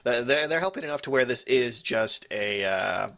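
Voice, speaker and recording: Male GM with a gravelly, bright voice, joking and rambling through the turn order. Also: medium pitch, animated, moderate pace. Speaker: game master. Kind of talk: running a tabletop game over voice chat.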